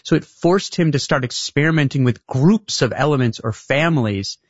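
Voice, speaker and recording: A man's voice: medium pitch, animated, moderate pace. A man talking as a guest author in an interview, explaining things carefully and sometimes restarting his sentences. His voice sounds slightly muffled and dull. The room sounds dry, with no echo. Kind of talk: interview conversation.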